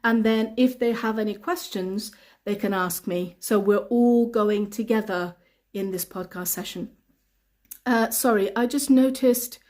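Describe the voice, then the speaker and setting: On a live stream, a woman who teaches English reads learners' comments aloud and answers their questions, explaining patiently with lots of repetition. Her voice is fairly high and a little mellow.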